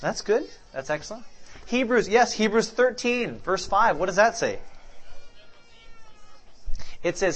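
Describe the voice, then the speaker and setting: A man's voice: high-pitched, sing-song, slow, pauses often, fairly bright tone, breathy edge, faint music behind. A man preaching a sermon, asking the congregation questions, then answering them himself as he reads scripture aloud. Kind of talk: interactive sermon.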